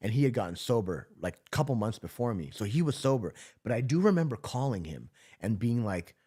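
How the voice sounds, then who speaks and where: A man recounting a past drinking episode as an interview guest, profane and rambling, laughing through dark moments. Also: medium pitch, sing-song, fairly quick, slightly rough. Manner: profane, rambling, many restarts. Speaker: podcast guest. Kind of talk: casual storytelling interview.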